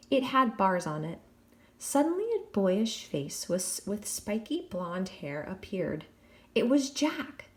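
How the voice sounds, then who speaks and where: A woman narrating an audiobook in an expressive storytelling voice. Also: medium pitch. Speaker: audiobook reader.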